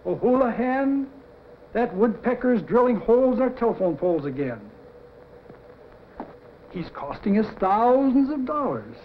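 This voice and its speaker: A pompous little company president, quick to blow up and roaring threats in a high, strained voice, as a man acts him out. The sound is dull and lo-fi, like an old 1950s television broadcast, with a faint hiss underneath. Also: very animated, exaggerated voice. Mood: blustering. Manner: shouting, blustering threats.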